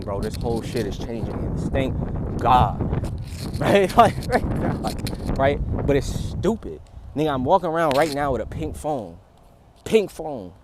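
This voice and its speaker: A young man livestreaming outdoors, talking in a casual, rambling, profane and animated way, often laughing. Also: medium pitch, a little hiss or hum. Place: outdoors in a city.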